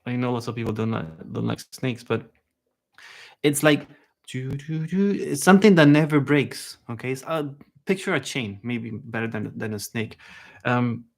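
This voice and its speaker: A man giving a live online saxophone lesson, relaxed and chatty, often checking in with his viewers and singing phrases to show them. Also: medium pitch, normal speed, creaky. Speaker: saxophone teacher.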